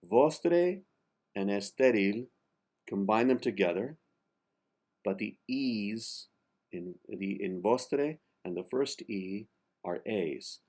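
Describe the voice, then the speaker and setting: Slow, careful man coaching pronunciation. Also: on the low side, expressive, darkish tone. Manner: slow, careful, spells out sounds and repeats words syllable by syllable. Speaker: diction coach. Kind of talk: pronunciation lesson for singers.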